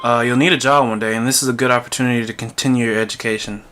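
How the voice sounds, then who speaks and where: Guy voicing a calm middle-aged doctor, measured and reassuring, bright clear voice, game read-aloud. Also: mid-range voice, faint music behind, close to an everyday voice.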